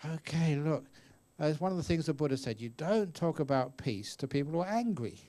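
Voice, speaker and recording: A man in his 60s with a voice on the high side gives a dharma talk in a meditation retreat hall, fielding questions. His tone is mellow, his intonation lively, and his delivery brisk. He's a Buddhist teacher with a chatty storytelling manner, often laughing and acting out voices.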